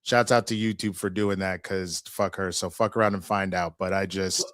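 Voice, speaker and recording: A man's voice: deep voice, fairly even intonation, normal speed, fairly bright tone, dry recording, clean studio sound. A man co-hosting a podcast, chatting casually with many fillers and restarts. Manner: loose, hesitant, full of fillers. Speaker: podcast co-host. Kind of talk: casual chat.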